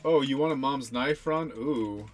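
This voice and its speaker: A man's voice: mid-range voice, unhurried. A young man casually talking through his own gameplay, rambling and self-deprecating, swearing now and then. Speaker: gaming channel host.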